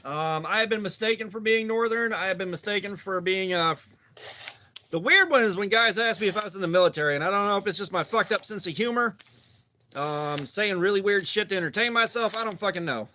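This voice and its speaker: An upbeat man in his forties with a Southern US drawl, chatting casually with livestream viewers and cursing freely. His voice sits high and sounds bright and forceful. A faint hiss and some clicks run underneath. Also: fairly quick. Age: 40s. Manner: upbeat, swearing, greets viewers by name. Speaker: livestream host. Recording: faint background noise and clicks.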